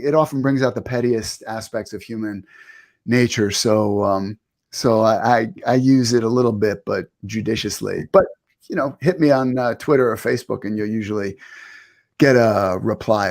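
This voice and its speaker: A middle-aged man, a guest author, explaining ideas in a thoughtful, wry, measured way. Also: mid-range voice, darkish tone. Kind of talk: reflective interview talk.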